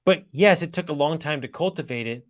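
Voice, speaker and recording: A man guesting on a podcast, telling stories in a blunt, energetic way and swearing freely, heard over a video call. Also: on the high side, a little fast. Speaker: podcast guest, entrepreneur and coach. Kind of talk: casual storytelling.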